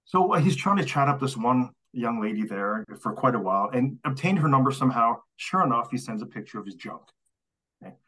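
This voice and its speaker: A man with a husky, slightly rough voice tells workplace stories on a podcast. He gets animated, acting out the people he quotes and laughing as he goes. The delivery is loose and conversational. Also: medium pitch, fairly quick. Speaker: storyteller guest. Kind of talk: casual podcast storytelling.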